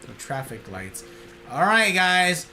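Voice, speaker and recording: A man's voice: high voice, very animated, slow, noisy background. A man casually commentating a video game live, playful and chatty, greeting his viewers. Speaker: game streamer.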